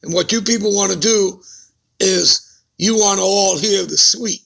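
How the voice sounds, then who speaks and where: Gravelly, high-pitched man preaching slowly. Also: pushed and bright. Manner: asks the listeners rhetorical questions and keeps checking with "all right?". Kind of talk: Bible-study sermon.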